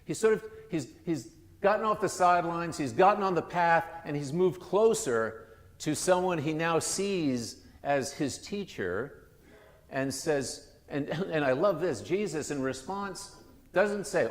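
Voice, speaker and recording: A man's voice: fairly high pitch, animated, a little slow. A male pastor giving a sermon in a conversational, loose way, often restarting his sentences. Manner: conversational, with frequent restarts and asides. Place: church sanctuary. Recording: long church reverb.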